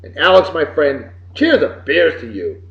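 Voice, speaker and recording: Podcast host, New man in his late 30s, exuberant and lively, in a roomy room on a muffled recording. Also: a little high, a little slow, creaky, background noise. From Massachusetts. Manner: exuberant, swings between loud bursts and mumbled asides. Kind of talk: casual birthday shout-outs.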